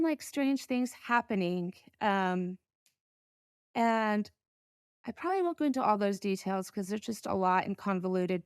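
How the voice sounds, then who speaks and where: Middle-aged woman guest telling her story, halting and earnest, dry close sound. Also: mid-range voice, clean tone, no echo. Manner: earnest, halting, pauses to gather herself. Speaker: podcast guest. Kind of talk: personal storytelling.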